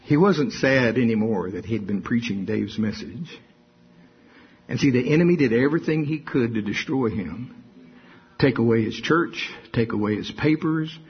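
An older male preacher tells a story in a husky, breathy voice. His pitch rises and falls in big animated swings, and he often circles back on his own words. The recording is dull and lo-fi. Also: normal speed. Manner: animated, repeats himself, folksy. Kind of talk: sermon with storytelling.

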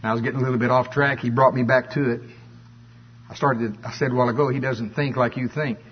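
A man preaching a conversational sermon, telling stories in a folksy, animated way. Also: medium pitch, fast, breathy edge. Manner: folksy, animated storytelling with voiced asides. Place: church. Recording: dull lo-fi church recording.

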